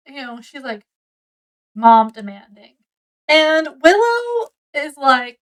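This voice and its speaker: A woman's voice: sits high, sing-song, slow pace, pauses often, rough recording. A woman casually reviewing a book, rambling through the story with lots of likes and ums.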